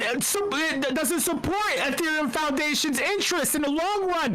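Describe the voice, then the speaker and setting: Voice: high-pitched, normal speed, few pauses, sharp tone, poor audio. A speaker ranting heatedly and profanely at an online meetup, exasperated and emphatic, often restarting sentences. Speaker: meetup participant. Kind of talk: heated rant in an online group call.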